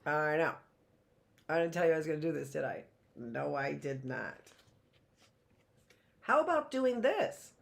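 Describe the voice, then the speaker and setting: A middle-aged woman teaching an early reading lesson, chatty and direct, sounding out words slowly. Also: sits low, creaky. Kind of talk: online classroom lesson.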